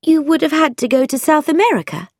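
A woman reading brisk society girl Frankie. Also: high voice, expressive, dry recording, clean studio sound, voice pushed up. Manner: brisk, firm, teasing. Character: confident upper-class young woman, teasing.

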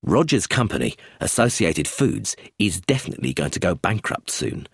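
Steady matter-of-fact cop, a man reads him, husky, dry close sound. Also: low-pitched, moderate pace, no echo, full character voice. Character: calm, methodical male police inspector.

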